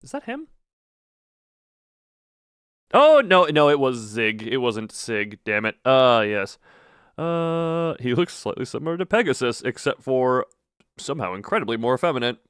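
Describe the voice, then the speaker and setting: A man's voice: mid-range voice, sing-song, a little slow, pauses often, a bit bright, clean tone, no room sound, clean studio sound. Wry, theatrical male game streamer. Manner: wry, theatrical, chatting with viewers. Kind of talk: live gameplay stream chat.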